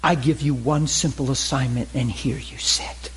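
A man voicing God as a stern, commanding male presence, speaking in a slow, solemn near-whisper. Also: medium pitch, fairly even intonation, slight background noise, close to an everyday voice. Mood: stern, hushed.

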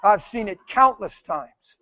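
A man preaching in a testimony style, telling animated stories and switching between soft talk and sudden shouts. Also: sits high, unhurried, no room sound, dull audio. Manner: animated storytelling, laughing, mimicking voices and shouting.

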